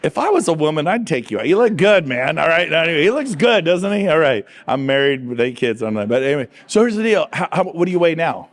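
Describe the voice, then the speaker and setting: A middle-aged man giving an energetic motivational talk on stage, quizzing and teasing his audience. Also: fairly high pitch, fast, few pauses. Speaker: real estate coach on stage.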